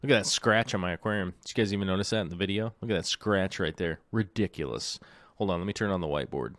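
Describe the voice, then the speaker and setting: Rambling middle-aged man, lowish voice. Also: fast, fairly bright tone, no room sound. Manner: rambling, jokey, lots of fillers. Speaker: livestream host. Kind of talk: casual live-stream chat.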